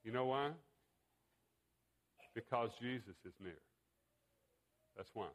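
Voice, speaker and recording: A man delivers a sermon. He tells a fishing tale with pauses and a few fillers, then draws a lesson from it. His voice sits at an ordinary pitch for a man. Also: a bit bright, poor audio. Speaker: preacher.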